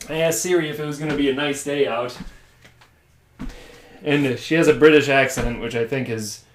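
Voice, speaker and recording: A man hosting a casual solo podcast from a room at home, rambling and self-deprecating. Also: mid-range voice. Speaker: podcast host.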